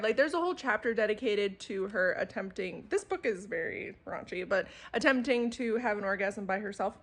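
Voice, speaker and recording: Chatty young woman with a gravelly edge. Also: mid-range voice, moderate pace, few pauses. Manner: chatty, animated, frequent fillers and laughter. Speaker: book vlogger. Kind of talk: casual chat to camera. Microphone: camera mic.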